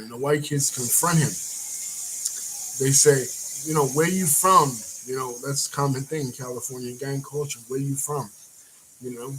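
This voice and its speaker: A man casually recapping a film's plot as a reviewer, rambling with frequent fillers and throat-clearing. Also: medium pitch, a little hiss or hum, low-quality recording. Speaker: movie reviewer.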